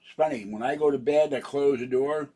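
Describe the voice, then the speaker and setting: A man's voice: medium pitch, quick pace, dark tone. A man vlogging in a rambling, casual chat, grumbling and chuckling to himself.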